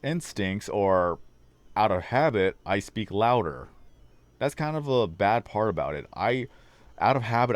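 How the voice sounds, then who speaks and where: A man with a low baritone voice hosting a casual livestream chat, slightly hoarse and rambling on long tangents. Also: no echo. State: slightly hoarse, losing his voice. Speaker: livestream host. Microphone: desk microphone.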